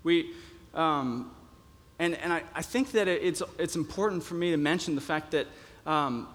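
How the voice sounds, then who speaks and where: Young male preacher, slightly high voice, chatty sermon delivery full of fillers, big hall reverb. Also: moderate pace, a bit bright. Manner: conversational, with many fillers and restarts.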